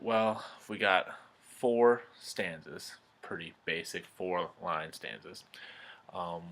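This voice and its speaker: Young male student, low voice with a bright edge, laid-back and chatty, reads a poem and then talks it through. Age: 20s. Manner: relaxed and chatty, with frequent ums and throat clearing. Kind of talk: poem recitation and casual analysis.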